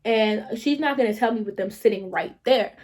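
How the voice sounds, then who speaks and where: A young woman vlogger telling a story in a casual, slangy, animated way, swearing freely. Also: a little high, normal speed.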